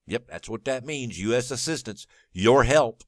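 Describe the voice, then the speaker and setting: A man's voice: medium pitch, animated, normal speed, no echo. Sarcastic ranting man, dry close sound. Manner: sarcastic, mocking; blunt and profane. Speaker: political commentator. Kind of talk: ranting commentary over a clip.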